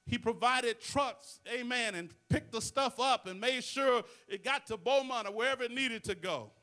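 Male pastor, sermon delivery, very high bright voice. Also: normal speed. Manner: preaching with call-and-response asides. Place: church sanctuary.

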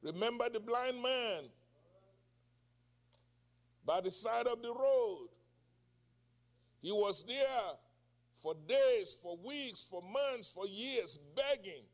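A man's voice: very high-pitched, animated, slow pace, pauses often. A man in his sixties preaching a sermon, asking the congregation questions and crying out in prayer. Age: 60s. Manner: call-and-response questions, cries out in prayer.

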